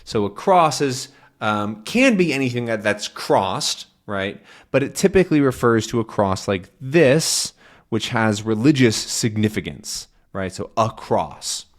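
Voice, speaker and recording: A young man teaching English, explaining a comic slowly and clearly for learners. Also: mid-range voice. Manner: slow, clear and animated.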